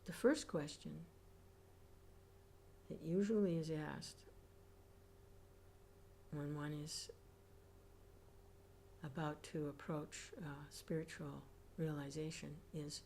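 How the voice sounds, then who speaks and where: A woman reading scripture aloud and commenting on it as a class teacher, reflective and pausing with soft hums. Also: low-pitched, steady tone, slight background noise.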